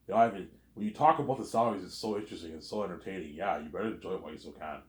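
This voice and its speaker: Speaking low and racing, this same video creator performs every part of a made-up argument by himself, over-dramatic and repetitive. Roomy echo fills the recording.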